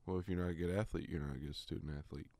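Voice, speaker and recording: A man co-hosting a sports podcast in casual chat, deadpan and quick to argue a point. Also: sits low, no echo. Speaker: podcast co-host.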